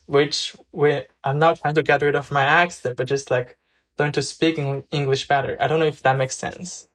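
A young man talks as a guest, his voice a little high for a man. He speaks hesitantly, pausing to search for the right words. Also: flat delivery. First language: Chinese. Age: young adult. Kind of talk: casual discussion.

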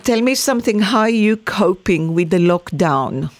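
A woman hosts a radio interview, asking questions in an inquisitive, conversational tone. Her mid-pitched voice sounds close to the mic in a dry studio. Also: expressive, normal speed, no room sound. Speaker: radio host.

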